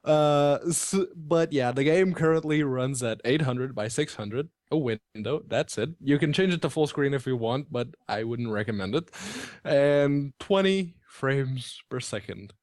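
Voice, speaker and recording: A man's voice: mid-range voice, normal speed, hardly any pauses, darkish tone, no echo, studio quality. A man co-hosting a game review podcast in casual chat, easygoing and enthusiastic, laughing often. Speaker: podcast co-host reviewing games.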